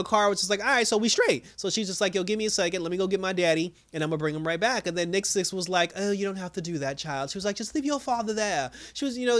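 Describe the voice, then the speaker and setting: A man hosting a show, giving a casual, animated recap of a TV episode in slangy talk and breaking into characters' lines. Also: sits high. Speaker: show host reviewing a TV episode.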